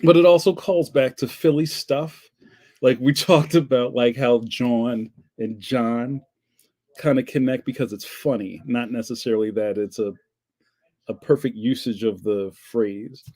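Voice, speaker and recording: A livestream host from Philadelphia chats loosely through viewer comments, cracking jokes and laughing a lot as he rambles. He has a medium-pitched, mellow voice with a steady tone and an unhurried pace.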